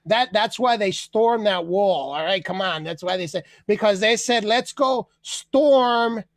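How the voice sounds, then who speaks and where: A man hosting a comedy open mic over a video call, telling an animated, exasperated bit and laughing at his own jokes. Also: sits high, measured pace, dry recording. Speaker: comedy show host.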